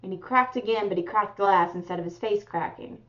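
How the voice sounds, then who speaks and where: A young woman reacting to a music video, excitable and profane, gasping and exclaiming as she comments. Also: medium pitch, a little fast. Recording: slightly muffled audio with music playing behind. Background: music video playing.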